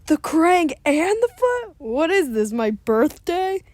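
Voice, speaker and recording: A woman's voice: very high voice, very animated, slow, darkish tone, no echo, voice pushed up, exaggerated voice. A woman voicing a tough, cocky teenage boy mutant turtle in a fan comic dub, with a brash, sarcastic delivery.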